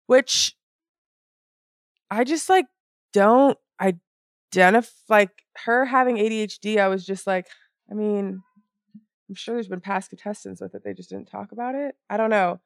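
Brief: woman guest, mid pitch, frank and opinionated, dry close sound. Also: moderate pace, dry recording. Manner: frank, opinionated, quoting herself. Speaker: podcast guest. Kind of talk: casual chat.

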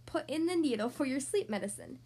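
A woman voicing a gentle, caring nurse in a storybook, in a soothing manner. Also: high-pitched, animated, fairly quick.

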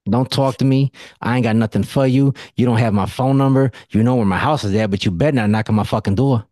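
A man's voice: mid-range voice, fast, a little mellow, no echo, clean studio sound. A man hosting a casual podcast conversation, telling blunt stories and swearing freely. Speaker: podcast host.

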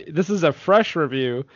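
A man's voice: on the high side, animated, slow, no echo, muffled recording. A man hosting a casual movie podcast, laughing often as he reads reviews aloud. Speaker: podcast host.

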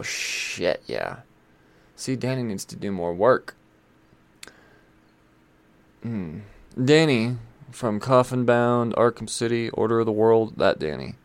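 A man hosting a casual, rambling commentary on new comics, chatty and irreverent, with swearing and asides. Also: lowish voice. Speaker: comic book video host.

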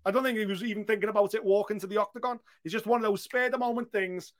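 British male podcast co-host, higher voice, lively and sweary banter. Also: very fast. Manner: animated, swears freely, acts out quotes. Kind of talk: casual podcast chat.

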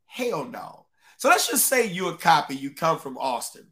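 A man's voice: a little high, big pitch swings, normal speed, fairly bright tone. A man hosting a live-streamed podcast, talking emphatically, repeating points for stress and addressing his chat. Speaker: podcast host. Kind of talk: live-streamed commentary talk.

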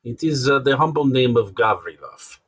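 A man voicing a stiff, formal male interpreter, speaking in clipped, halting phrases. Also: medium pitch, lively intonation, fairly bright tone, husky.

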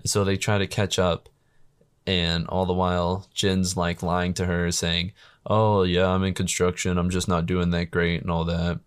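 A man with a very low voice recaps a film in a casual chat. He tells it with slang and wisecracks and swears freely. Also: flat delivery, unhurried, clean tone. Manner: joking, slangy storytelling with profanity.

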